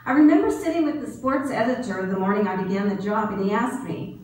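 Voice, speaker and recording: A woman's voice: medium pitch, a little fast, a little mellow. Echoey far-off woman giving a commencement address. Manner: storytelling with quoted dialogue. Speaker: graduation speaker. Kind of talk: commencement speech. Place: large hall. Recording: echoey hall from far off, faint noise.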